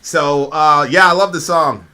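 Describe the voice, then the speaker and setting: Male co-host, bright tone, energetic storyteller who jumps into character voices. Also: unhurried, a little hiss or hum. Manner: animated storyteller, jumps high to act out characters; talks theology with conviction. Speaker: reaction video co-host. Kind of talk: casual chat.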